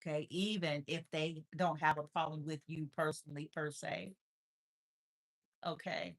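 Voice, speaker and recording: A woman, talking in high baby talk to her cat, then giving a tarot reading in an unhurried, repetitive way. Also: fairly even intonation. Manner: unhurried, repeats itself. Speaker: tarot reader. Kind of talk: casual chat with her cat.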